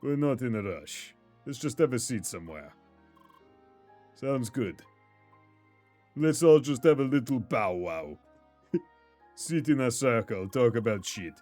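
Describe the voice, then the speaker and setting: A man voicing a weary, homesick young gamer, reading game dialogue in a low, subdued way. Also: very animated, slow, long pauses, darkish tone, faint music behind. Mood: relaxed.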